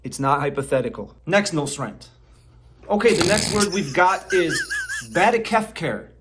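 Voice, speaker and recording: A man's voice: on the high side, animated, moderate pace, background noise. A man presenting a comedy sketch as a mock lesson, over-enunciating each word in a mock-instructional tone.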